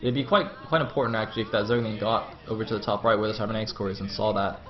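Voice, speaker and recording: A man giving live play-by-play commentary on a strategy game match, excitable and jumping up in pitch whenever the action heats up. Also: very fast. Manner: excitable, voice jumps high at action. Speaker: esports commentator. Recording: dull lo-fi stream audio.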